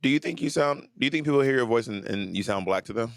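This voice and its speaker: Lively, teasing male co-host, emphatic, repeats points, recorded dry and close. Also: mid-range voice, quick pace, dry recording. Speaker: podcast co-host. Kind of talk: casual chat.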